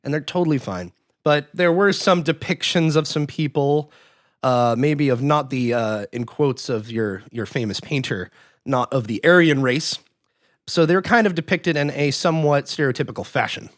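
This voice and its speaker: A man's voice: on the high side, normal speed, a bit bright, no room sound, clean studio sound. A man hosting a podcast in casual, rambling chat. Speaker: podcast host. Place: podcast studio.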